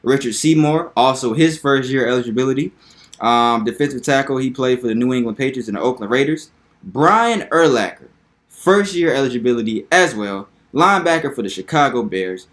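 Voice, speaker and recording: A young man hosting a casual sports commentary video, animated and hyped, repeating points for emphasis. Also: mid-range voice, a little fast.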